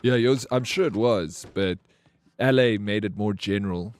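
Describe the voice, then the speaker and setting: A man's voice: on the low side, normal speed, darkish tone, no room sound. A man chatting casually with his chat during a live game stream, rambling and calling viewers by name.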